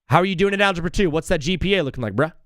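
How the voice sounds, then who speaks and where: A man hosting a live sports comedy call-in stream, bantering with callers in an energetic, joking, rambling way. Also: on the high side, rapid-fire, no room sound, studio quality.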